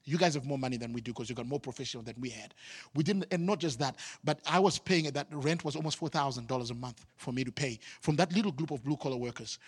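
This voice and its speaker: A man from Zimbabwe preaching a sermon as a pastor, animated, swinging from loud exclamations to quiet asides. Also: medium pitch, quick pace, breathy edge, big-room sound.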